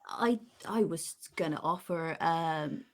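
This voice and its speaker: A woman playing a tabletop game talks in a lowish voice. She stumbles and restarts as she tries to persuade. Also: creaky, crowd noise. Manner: hesitant, halting persuasion. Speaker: player.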